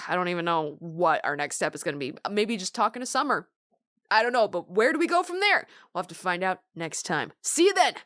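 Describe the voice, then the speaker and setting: A woman's voice: on the low side, expressive, a little fast, fairly bright tone, dry recording, clean studio sound. A young woman hosting a let's play, talking casually and effusively with lots of fillers, emotional about the story. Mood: playful. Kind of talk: casual video game commentary.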